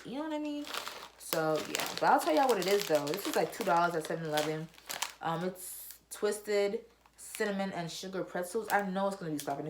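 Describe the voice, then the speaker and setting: A teenage girl telling a storytime to camera in a chatty, animated, slangy way. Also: fairly low pitch, background noise. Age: teens. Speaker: YouTuber. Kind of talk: casual storytime vlog.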